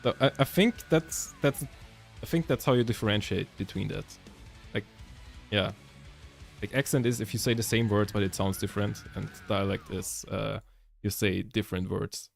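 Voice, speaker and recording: A man's voice: fairly low pitch, normal speed, creaky. Young man, German accent, casual streamer chat, rambling, lots of "like", faint background music. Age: young adult. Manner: rambling, self-correcting, many "like"s.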